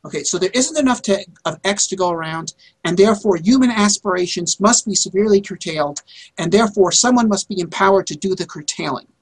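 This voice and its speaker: A man's voice: sits high, fast, husky. A man speaks as a guest author in an interview. His delivery is emphatic and insistent. He often repeats words and restarts his sentences mid-thought. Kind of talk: interview answers.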